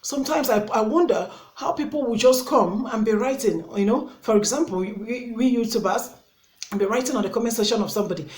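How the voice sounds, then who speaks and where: A woman's voice: a little high, fairly quick, a little mellow. Impassioned woman with an African English accent. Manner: impassioned, scolding, full of rhetorical questions. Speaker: YouTuber. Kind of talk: opinion vlog to camera. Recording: echoey room.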